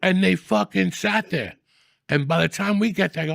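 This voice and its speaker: Gravelly, profane man ranting loudly. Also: high voice, moderate pace, no echo, studio quality. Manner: profane, loud, animated storytelling. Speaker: podcast host. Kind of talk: casual comedic rant.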